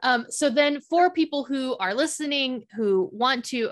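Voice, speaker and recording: A woman's voice: high voice, expressive, measured pace, hardly any pauses. A woman hosting a podcast, interviewing a dance teacher in an enthusiastic, encouraging way. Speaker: podcast host.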